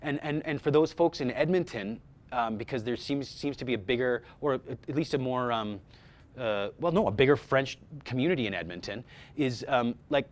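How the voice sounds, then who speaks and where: Before a small live audience of actors, a middle-aged man with an expressive, medium-pitched voice teaches about voice-over work at a moderate pace. His energetic delivery aims straight at the group, and he often begins his sentences over.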